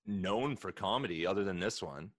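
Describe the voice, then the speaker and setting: Man, low voice, dry close mic, casual film-recap podcast host. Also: animated, moderate pace, no echo. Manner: retells scenes, acting out lines with laughs. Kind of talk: casual movie recap chat.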